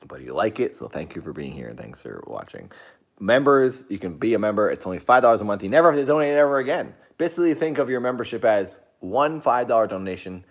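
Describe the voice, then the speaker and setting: Streamer host, man, low voice, animated swings, chatty and rambling with excited yelps. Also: fast. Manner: rambling, talks to chat, jumpy outbursts. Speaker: live streamer. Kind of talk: casual live-stream chat.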